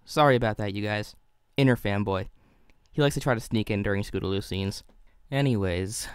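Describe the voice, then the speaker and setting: A man's voice: medium pitch, expressive, brisk, clear, resonant tone, dry recording, studio quality. Wry young man narrating a review. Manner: analytical, wry asides. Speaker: video reviewer.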